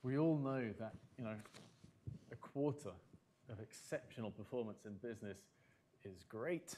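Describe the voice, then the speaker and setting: A man giving a conference talk, animated and emphatic, repeating his key phrases for effect. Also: medium pitch, normal speed, background noise. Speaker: conference speaker.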